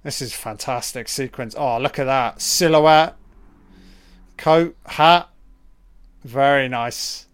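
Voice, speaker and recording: A man giving a casual, profane running commentary on a film, reacting loudly to what is on screen. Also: medium pitch, slow, long pauses, clean tone.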